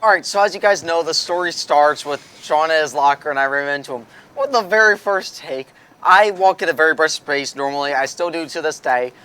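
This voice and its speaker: A young man tells a story as a guest, talking fast and cracking jokes at his own expense. His voice sits a little high for a man. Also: pushed and bright, clear, resonant tone. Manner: fast, joking, self-deprecating. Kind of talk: casual chat among friends.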